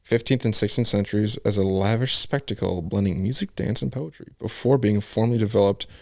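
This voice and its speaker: Gravelly low-voiced male podcast host. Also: fairly quick, no echo, studio quality. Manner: crude, blunt jokes and profanity. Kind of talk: casual chat.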